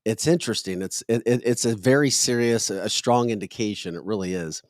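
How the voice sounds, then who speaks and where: A man's voice: fairly low pitch, fairly quick, dry recording, clean studio sound. A man hosting a podcast, chatting casually about politics in an emphatic, joking way that slides into a scolding tone. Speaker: podcast host.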